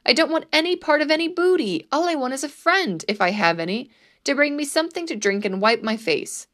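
A woman's voice: mid-range voice, animated, moderate pace, a bit bright. A woman voicing a frightened, reluctant middle-aged peasant man made governor, pleading and protesting.

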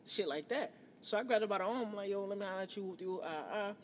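Casual podcast host, man from New York, 30s, high voice, reverberant room with a faint rumble. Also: quick pace. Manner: profane, animated storyteller, quoting himself. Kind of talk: casual storytelling chat.

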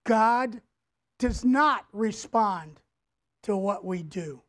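A man's voice: high-pitched, lively intonation, extremely slow. A male pastor preaching a sermon, emphatic, repeating key words and having the congregation say them back. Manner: addresses the congregation directly.

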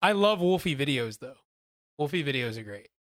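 A man's voice: mid-range voice, animated, moderate pace, fairly bright tone, no echo, clean studio sound. A man co-hosting a podcast in casual chat, rambling, swearing and laughing often. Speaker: podcast co-host.

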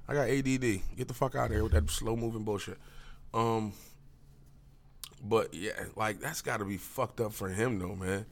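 A man hosting a podcast, ranting casually and profanely with sudden jumps up in pitch. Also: steady tone, normal speed. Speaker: podcast host. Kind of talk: casual solo rant.

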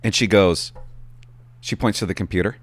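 A man, a former police officer telling stories in a casual, animated and profane way. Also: sits low, normal speed. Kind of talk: casual storytelling to camera.

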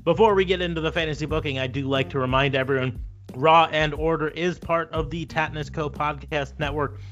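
A man's voice: fairly high pitch, steady tone, a little fast, fairly bright tone, highs cut off. Casual American male podcast host, playful and offhand, faint music bed. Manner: jokey, loose, with many fillers.

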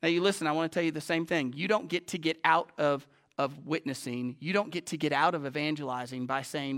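A man preaching a sermon as pastor, emphatic, swinging from loud declarations to hushed storytelling. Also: on the high side, steady tone, quick pace.

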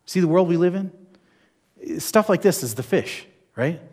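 A man's voice: high voice, expressive, moderate pace, a little mellow. A middle-aged man preaching a sermon, telling a story and putting rhetorical questions to his listeners.

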